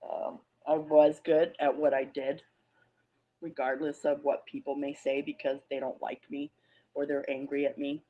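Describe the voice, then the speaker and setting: A woman making a hesitant, subdued personal statement to an online community, pausing often. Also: low-pitched, level tone. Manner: subdued, hesitant, many pauses and ums. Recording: muffled lo-fi audio, played back on a stream.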